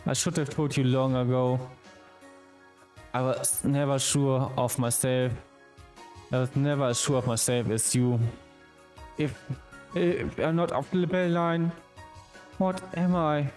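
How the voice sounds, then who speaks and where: Man, streamer, reads game lines aloud, unhurried, asides, faint background music. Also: mid-range voice, darkish tone. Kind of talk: reading a visual novel aloud.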